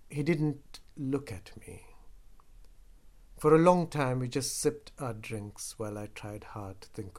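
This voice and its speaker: Man narrating a story, subdued. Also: fairly low pitch. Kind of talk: audiobook reading of a first-person story.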